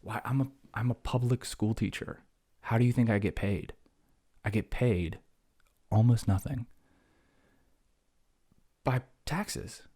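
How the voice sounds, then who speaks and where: A man's voice: fairly low pitch, steady tone, normal speed, warm tone. A man hosting his own podcast, rambling in a casual, jokey way and talking himself down from rants. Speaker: podcast host. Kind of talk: casual solo podcast monologue.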